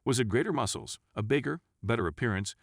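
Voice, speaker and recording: A man reading a first-person story aloud as scripted narration, at an even, steady pace. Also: mid-range voice, fast, dry recording, studio quality.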